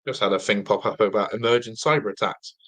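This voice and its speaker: A man's voice: lowish voice, fairly even intonation, fast talker, a bit bright. A man from England hosting a live fan watch-along, chatting loosely, reading viewer comments and grumbling at the team, sounding half asleep. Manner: chatty, reads out viewer comments, swears mildly.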